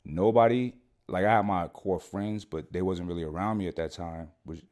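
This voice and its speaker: A man with a low, deep voice tells a story on a podcast. His talk is loose, slangy and full of swearing, and he keeps checking in with his listeners. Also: fairly even intonation, normal speed, a little mellow. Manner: slangy and profane, keeps saying "you know what I'm saying". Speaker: podcast guest. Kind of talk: casual storytelling.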